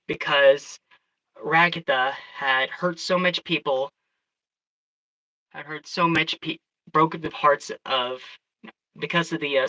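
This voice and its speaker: A storyteller chatting casually on a livestream, excitable and rambling, often restarting sentences. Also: medium pitch, poor audio.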